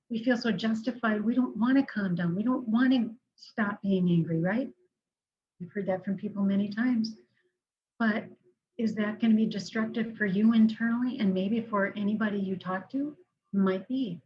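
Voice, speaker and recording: A woman counselor giving a calm, instructive talk on managing anger, slowing down to guide breathing exercises. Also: mid-range voice, highs cut off.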